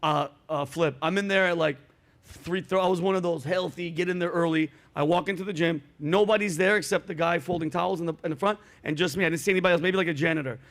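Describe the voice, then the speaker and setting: Man, comedy host, high voice, animated storyteller, casual banter. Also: quick pace.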